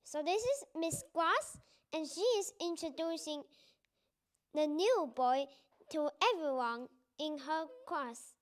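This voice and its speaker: High, slow-reading woman teacher. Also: animated. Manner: slow and deliberate, repeating sentences for learners. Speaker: storybook reader and English teacher. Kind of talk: reading a picture book aloud with explanations.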